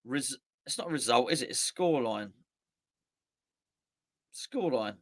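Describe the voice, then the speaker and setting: A man's voice: medium pitch, expressive, a little slow. A man hosting a casual live-stream chat, rambling and often correcting himself. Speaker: host.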